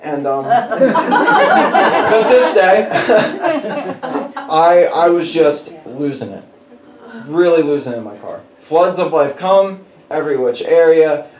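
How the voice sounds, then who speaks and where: Male preacher, casual storytelling sermon, animated delivery, slightly high voice, roomy hall sound. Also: far from the mic. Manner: animated, chuckles through his stories. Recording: echoey hall with faint background noise.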